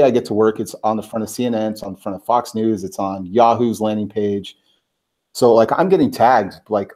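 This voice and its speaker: A man telling a personal story as a guest on a talk show, in a slightly low voice. His talk is loose and animated, packed with filler words. He slips into little acted-out quotes of what people said. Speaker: guest, personal branding expert. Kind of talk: casual storytelling anecdote.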